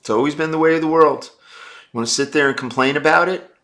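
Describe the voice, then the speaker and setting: A man's voice: a little high, fairly quick, fairly bright tone. A man hosting a casual live stream, answering viewer chat in a blunt, brash and profane way.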